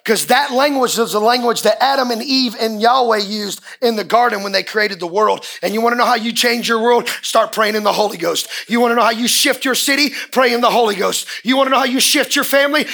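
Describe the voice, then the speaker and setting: A man preaching a fiery sermon as pastor at a church service, often shouting and repeating key words. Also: very high-pitched, brisk, gravelly, hardly any pauses.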